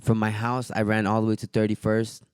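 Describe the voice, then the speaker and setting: A man's voice: fairly low pitch, brisk, smooth, no echo, clean studio sound. A man, a fighter, telling stories on a podcast in casual chat, swearing a lot and acting out what people said. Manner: animated, acts out quotes loudly. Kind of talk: casual storytelling, profane.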